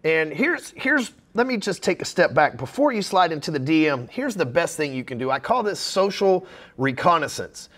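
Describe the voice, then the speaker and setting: A middle-aged man coaching on sales in a blunt, profane talk, acting out sample messages in quick voices. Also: fairly high pitch, sing-song, fairly bright tone.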